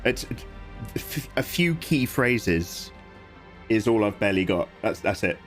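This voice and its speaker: Lively rambling man streaming. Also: fairly low pitch, a little slow, faint music behind. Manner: lively, rambling, self-deprecating, reads chat aloud. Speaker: art streamer. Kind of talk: casual livestream chat while drawing.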